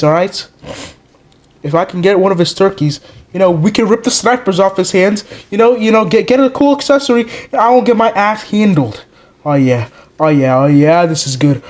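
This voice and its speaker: A man voicing a hot-headed, foul-mouthed male plush puppet who swears constantly and works himself up into shouts. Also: high voice, normal speed, voice pushed up. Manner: swearing, excitable, rising to shouts. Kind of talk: plush puppet comedy skit.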